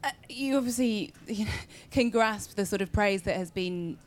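A woman interviewer asking halting questions, laughing now and then. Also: medium pitch.

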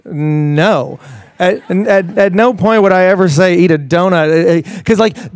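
A man talks in a live interview with a smooth, resonant voice pitched slightly high. He rambles with enthusiasm, restarting his sentences often. The sound is dry and close. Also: a little mellow, no room sound. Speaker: fitness trainer guest. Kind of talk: casual interview talk.

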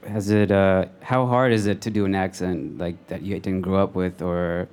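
A man in the audience asking a question in a hesitant, halting way. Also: sits low, steady tone, darkish tone.

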